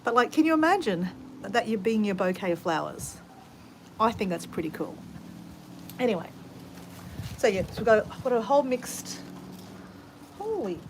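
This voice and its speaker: A woman's voice: medium pitch, expressive, normal speed, pauses often, a little hiss or hum. A woman with an Australian accent, chatting in a rambling way to live viewers while she gardens at home. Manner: chatty, rambling storyteller, greets viewers mid-sentence. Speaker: vlogger.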